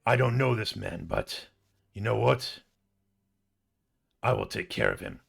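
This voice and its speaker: A man voicing a gruff, brutish male bugbear who leads a castle and blusters defensively. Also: fairly low pitch, measured pace, a bit bright, full character voice.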